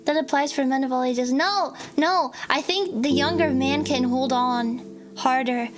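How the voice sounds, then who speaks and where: A young woman streamer rambling in casual live-stream chat, giddy, her voice leaping into squeaky highs. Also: a little slow. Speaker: VTuber streamer. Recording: loud background music.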